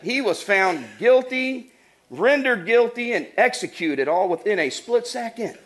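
A man's voice: very high-pitched, a little slow. A middle-aged man preaching a sermon, telling funny stories and then laying out numbered points. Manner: animated, acts out voices, laughs while telling stories. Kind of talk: sermon with humorous storytelling.

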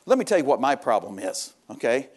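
A male pastor preaching a sermon, reading scripture and then explaining it, swinging between loud rising exhortation and quiet confiding talk. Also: medium pitch, big pitch swings, brisk. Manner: reads scripture aloud, then explains it plainly.

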